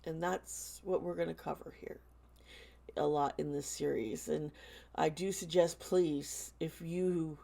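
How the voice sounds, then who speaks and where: A woman with a low voice talks slowly and earnestly to her viewers in a casual vlog. She often pauses, hesitates and restarts her sentences as she goes. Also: fairly even intonation, gravelly, warm tone. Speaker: tarot channel host.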